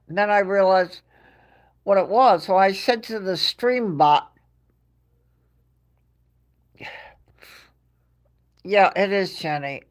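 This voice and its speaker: A woman hosting a live stream, telling a story in a rambling, casual way with quick asides. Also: lowish voice, faint music behind.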